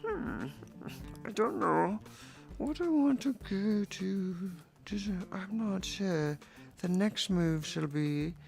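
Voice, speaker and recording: A man putting on the voice of a fussy female mermaid in a squeaky falsetto, drawing out his words. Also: lively intonation, takes it slowly, creaky, darkish tone, soft background music, heavily acted. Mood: pondering.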